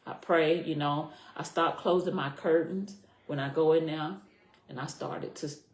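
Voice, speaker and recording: Low-voiced woman telling a heartfelt story. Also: fairly even intonation, normal speed. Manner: earnest, heartfelt storytelling with repeats. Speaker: podcast guest. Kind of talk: personal story in a podcast interview. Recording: echoey room.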